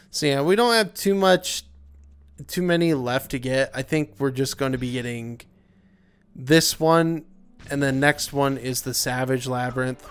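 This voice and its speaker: A man's voice: medium pitch, fairly bright tone. A young man giving casual, rambling gameplay commentary, tired and yawning, with lots of filler words. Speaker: let's play commentator.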